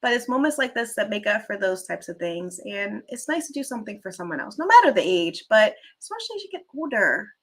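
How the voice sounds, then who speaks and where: A woman hosting a casual livestream chat. She rambles warmly through personal stories and stops to thank viewers for their comments. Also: medium pitch, sing-song, fast talker, hardly any pauses. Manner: chatty, rambling storyteller who reads out viewer comments. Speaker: livestream host.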